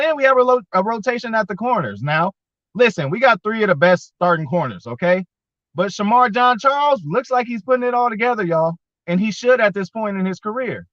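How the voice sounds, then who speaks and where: Hyped-up guy ranting casually, slangy and cussing, bright sharp voice, kinda dull lo-fi sound. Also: high voice, no echo. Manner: excitable, profane, slangy, gets worked up. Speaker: sports fan show host. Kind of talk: casual fan chat, answering viewers.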